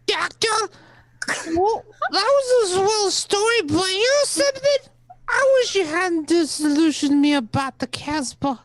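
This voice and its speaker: Playful old-time radio announcer, voiced by a woman, very high and animated, dry close recording. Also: unhurried, dry recording, low-quality recording. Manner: playful, rambling, hammy sales pitch. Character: chatty male radio announcer selling wine. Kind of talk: amateur radio play acting.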